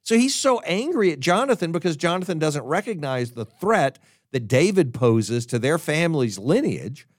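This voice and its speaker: Male pastor, sermon delivery, fairly high and very animated pitch, dry close sound, emphatic with restarts. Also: normal speed, few pauses, no echo.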